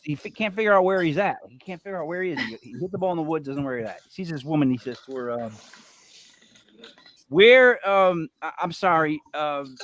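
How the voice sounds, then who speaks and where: A man's voice: high-pitched, fairly bright tone, slight background noise. A man co-hosting a casual show, telling a long joke with many ums and restarts. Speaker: podcast co-host.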